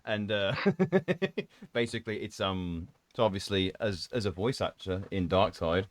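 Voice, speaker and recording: A young man from Birmingham who hosts a stream, chatting casually with a light Birmingham accent in an excitable, rambling way. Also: fairly low pitch, unhurried. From Birmingham, England. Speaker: streamer host. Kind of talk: casual interview chat.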